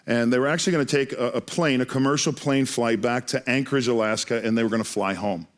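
A man's voice: mid-range voice, fast. A male preacher telling a story in a sermon, earnest and often repeating words as he starts a phrase.

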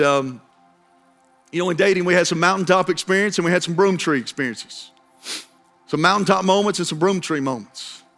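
A man's voice: on the high side, a bit bright. A young man preaching a sermon, telling a personal story and building to impassioned appeals. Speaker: pastor.

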